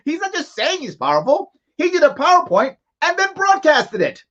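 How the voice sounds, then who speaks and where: A man hosts a live commentary show, reacting to a press conference with mocking sarcasm. His pitch swings widely as he talks. The audio sounds dull and lo-fi. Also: wildly swooping pitch, normal speed, fairly bright tone. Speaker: host.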